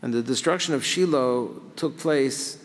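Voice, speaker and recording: Rabbi lecturing in a reverberant hall. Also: male voice, mid-range voice, unhurried. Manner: reads Hebrew and Aramaic text then translates it, lively questions. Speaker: rabbi teaching a class. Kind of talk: Talmud lecture.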